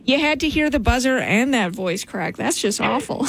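Upbeat, high-voiced radio host woman. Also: animated, moderate pace, vocal fry, hardly any pauses. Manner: upbeat, laughs easily. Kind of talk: radio contest hosting. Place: radio studio.

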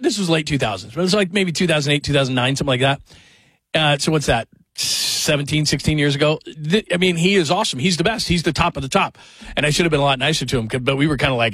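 Quick and husky with a pitch on the high side, a male radio host in his forties talks casually over a clean, echo-free recording. He rambles through animated stories, often at his own expense.

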